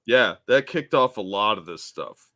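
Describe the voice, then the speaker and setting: A man's voice: on the low side, expressive, normal speed, fairly bright tone. A man co-hosting a casual podcast chat, making dry wry jokes. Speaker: co-host.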